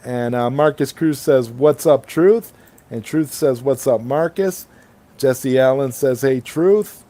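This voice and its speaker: A man's voice: medium pitch, takes it slowly, dark tone. Rambling, enthusiastic male stream host. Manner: reads viewer comments aloud, rambling and enthusiastic. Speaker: livestream host. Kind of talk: casual late-night chat. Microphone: online streaming call.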